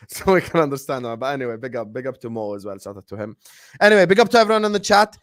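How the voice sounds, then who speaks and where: A man's voice: mid-range voice, very fast, dry recording. A man hosts a casual live stream, bantering and ribbing his guests as he brings each one on. His voice sits in a middle register. The sound is dry and close, with no room around it. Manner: banter, animated introductions and teasing. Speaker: host. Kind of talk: casual chat. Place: home studio, virtual stadium background. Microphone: video call stream.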